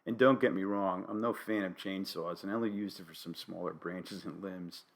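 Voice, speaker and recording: An older man from New Haven, Connecticut, with a New England accent, hosting a solo podcast with dry, wry, deadpan humor. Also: deep voice, normal speed, gravelly. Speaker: podcast host.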